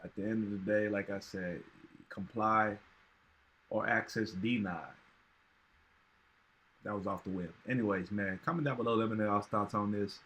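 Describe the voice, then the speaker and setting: A man's voice: lowish voice, fairly even intonation, normal speed, long pauses, a bit bright. A man hosting a reaction video, talking in casual, emphatic commentary with slang and repeated phrases.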